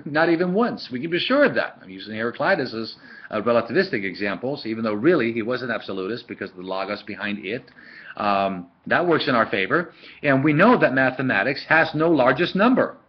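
A man's voice: medium pitch, lively intonation, a little fast. A man teaching a philosophy lesson in a casual lecture style, full of fillers and storytelling asides, recorded on a webcam. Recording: dull lo-fi webcam audio.

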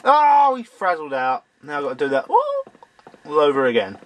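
A man doing let's-play commentary, excitable, swearing at the game and talking to its characters, and a bit hoarse as he loses his voice. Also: mid-range voice, normal speed, very noisy. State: losing his voice. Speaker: let's player. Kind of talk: gameplay commentary.

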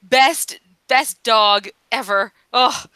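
A woman co-hosting a laid-back comic book podcast, talking through the story in a loose, rambling way with plenty of ums. Her voice is bright and crisp, and the sound is dry and close. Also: a little high, very slow, dry recording, low-quality recording. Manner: chatty, rambling recap with fillers. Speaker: podcast co-host. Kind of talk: casual comic book discussion.

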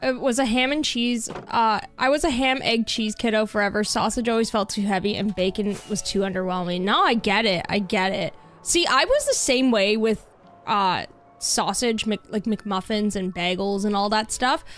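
A woman's voice: medium pitch, normal speed, fairly bright tone, faint music behind. A Canadian woman streaming a game, chatting casually with her viewers and reading their messages aloud. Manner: chatty, reads chat aloud, laughs easily. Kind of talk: casual chat while gaming.

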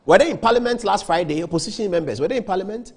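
Man, TV host monologue, husky, lively swooping pitch, rhetorical questions. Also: rapid-fire. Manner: animated, rhetorical questioning, repetitive emphasis. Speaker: TV show host. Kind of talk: opinionated studio monologue.

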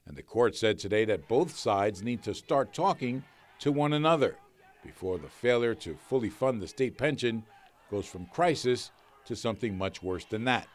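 A man reporting a broadcast news story in a measured, slightly wry delivery. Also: medium pitch, lively intonation.

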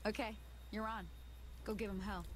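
An actress voicing a brisk, matter-of-fact frontier woman in video game dialogue. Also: medium pitch, fairly even intonation, noisy background, close to an everyday voice. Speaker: game character guiding the player.

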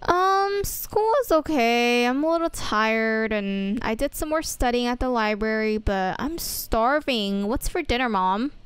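A woman's voice: fairly high pitch, lively intonation, unhurried, hardly any pauses, clear, resonant tone, no room sound. A woman voicing a whiny, exasperated teenage schoolgirl. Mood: puzzled. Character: upset teenage schoolgirl, story's main girl.

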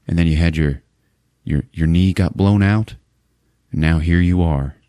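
A man doing a gloomy low-voiced bartender. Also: measured pace, warm tone, smooth, dry recording, clean studio sound. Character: gloomy one-armed male bartender, veteran.

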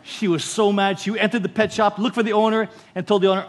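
A man's voice: sits high, flat delivery, fast, hardly any pauses. A man with a Filipino accent preaching a sermon as pastor, telling stories and repeating key lines.

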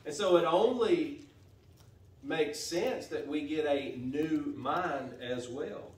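A man with a fairly high voice preaches a sermon from a church pulpit, going over his points steadily and often repeating a phrase before he carries on. His voice comes from some way off the mic and rings through the roomy church. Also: slow. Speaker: pastor. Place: church sanctuary. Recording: echoey church from a distance.

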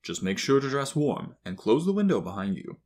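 A man voicing a calm, reassuring father who talks to his son in a steady, confiding way. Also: medium pitch, normal speed, pitched above the performer's own voice.

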